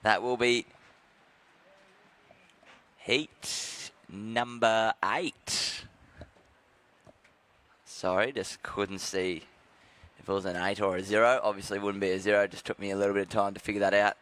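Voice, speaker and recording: Bright, smooth surf commentator. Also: male voice, on the low side, quick pace. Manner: jokey, self-deprecating, relaxed. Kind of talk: live sports commentary.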